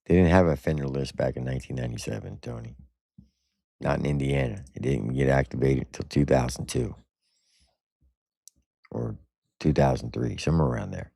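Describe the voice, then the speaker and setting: A man with an extremely deep voice, full of gravelly fry, hosts a reaction video. He talks bluntly and mockingly, pushing back and arguing. The sound is dry and close. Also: normal speed, pauses often, mellow, no room sound. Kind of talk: casual commentary.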